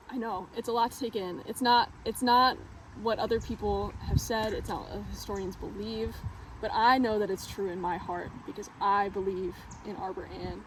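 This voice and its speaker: A woman improvising a mock-serious tall tale, deadpan and often breaking into laughter. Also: mid-range voice, normal speed, noisy background. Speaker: storyteller.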